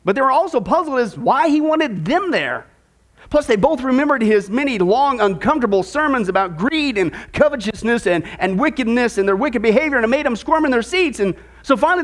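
High-voiced preacher man addressing folks. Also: fairly quick. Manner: animated, repeats words, addresses listeners as folks. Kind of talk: sermon with a joke.

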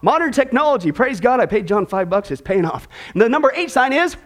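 A jovial preacher, a man with a very high voice, moves from a long joke into his sermon. He talks animatedly, restarting often with little fillers. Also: big pitch swings, fairly quick. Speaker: pastor.

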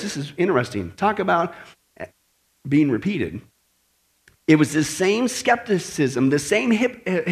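A man preaching a sermon, animated, acting out the voices he quotes. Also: high voice. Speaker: pastor.

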